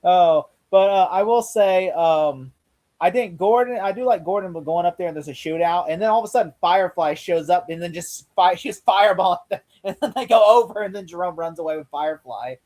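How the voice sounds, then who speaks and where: A man chatting casually as a podcast co-host, with a slightly raised voice. He talks in an animated way, laughs often and slips into lines of dialogue as he retells scenes. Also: high-pitched, brisk. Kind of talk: casual chat.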